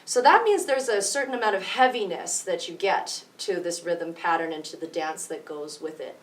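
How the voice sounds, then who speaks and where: A woman music teacher explaining rhythm slowly and patiently, counting beats out loud. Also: fairly low pitch, expressive, recorded from a distance. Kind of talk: rhythm tutorial with counting aloud. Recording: echoey room, voice from off mic.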